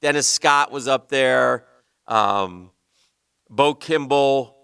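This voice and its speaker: A male sports radio host with a slight Southern US accent, rambling in loose banter and sinking into a low mutter. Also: extremely slow, creaky, sharp tone, smooth, no room sound, studio quality. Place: radio studio. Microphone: studio microphone.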